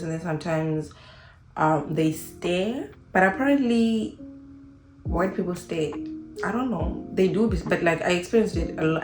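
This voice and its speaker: This young Zimbabwean woman vlogger speaks casually to the camera in an unscripted video, her low-pitched voice echoing around the room. She's animated and acts out the voices of the people she quotes.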